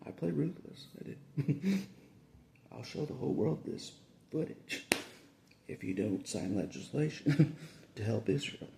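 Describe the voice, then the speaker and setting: A man's voice: mid-range voice, expressive, unhurried, vocal fry, pauses often, warm tone, slight background noise. A man talking in a casual rambling monologue, chuckling through his sentences and repeating himself. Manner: repeats phrases, restarts often. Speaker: vlogger.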